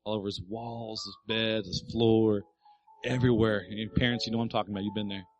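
A man's voice: lowish voice, little pitch movement, fast, lo-fi sound, soft background music. A middle-aged male pastor preaching a sermon, telling a family story and building to emphatic appeals.

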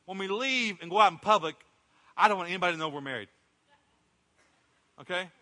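Bright-voiced male pastor in a reverberant hall. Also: high-pitched, expressive, fairly quick. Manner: conversational storytelling, acts out quotes. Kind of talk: sermon. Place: church sanctuary. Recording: long reverb from a church hall.

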